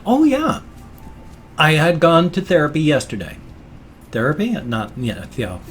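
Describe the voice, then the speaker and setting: Middle-aged guy rambling on his home webcam vlog, jokey deadpan, faint music behind. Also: fairly high pitch, normal speed. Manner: rambling and playful, with deadpan jokes. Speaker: daily vlogger. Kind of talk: casual vlog chat. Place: at home, indoors.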